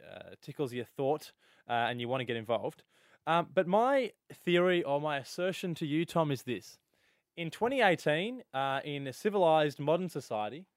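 A man's voice: mid-range voice, clear, resonant tone, no room sound, studio quality. A man co-hosting live radio, talking earnestly and with energy, often laughing. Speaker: radio co-host. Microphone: studio mic.

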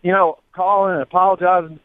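A man's voice: high voice, flat delivery, fast, no echo. A man, calling in to a sports radio show, blunt and opinionated. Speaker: caller. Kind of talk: call-in rant on sports radio. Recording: tinny phone line.

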